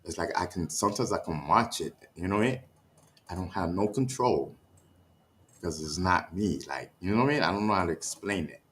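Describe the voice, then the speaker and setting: Winded, sighing low-voiced man streaming. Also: brisk, a bit bright, a little hiss or hum. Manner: sighing, stammering restarts, keeps asking "you know what I mean". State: winded, catching his breath. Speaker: livestreamer reading chat. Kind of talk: casual livestream chat. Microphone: streaming setup mic.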